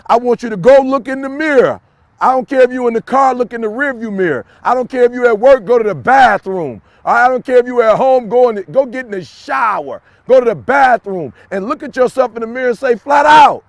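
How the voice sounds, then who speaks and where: A man giving an emphatic, repetitive motivational talk straight to the listener, breaking into shouts and folksy asides. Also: extremely high pitch, no echo. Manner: folksy, addresses listener directly. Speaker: motivational speaker.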